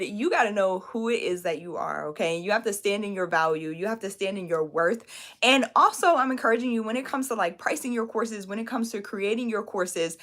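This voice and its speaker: A woman's voice: mid-range voice, sharp tone. A woman business coach giving an emphatic, encouraging motivational talk on a live stream, often asking "okay?" and "right?". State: emotional, near tears.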